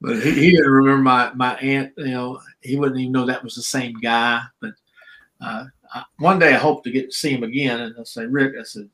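Animated older man telling wrestling stories. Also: a little fast, low-quality recording. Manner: animated storyteller, acts out quotes with shifting pitch. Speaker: former pro wrestler, guest. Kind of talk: storytelling interview. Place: podcast recording.

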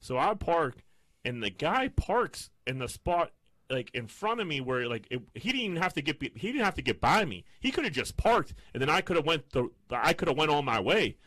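A man's voice: a little high, sing-song, fairly quick, fairly bright tone, dry recording. Profane, rambling man. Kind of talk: casual banter.

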